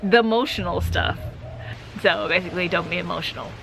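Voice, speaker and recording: A woman travel vlogger talking quickly and candidly to her viewers in a casual chat to camera. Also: on the low side, gravelly, background noise. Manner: fast, chatty, candid.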